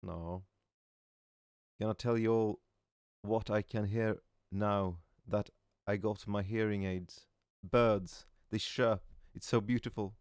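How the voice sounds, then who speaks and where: A man with a low, smooth voice reads memes aloud in a relaxed, casual way. He trips over words and restarts them, and he adds soft "aw" reactions between posts. The recording is dry and close. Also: slow pace, no room sound. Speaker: voice actor reading memes aloud. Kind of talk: casual meme reading with reactions.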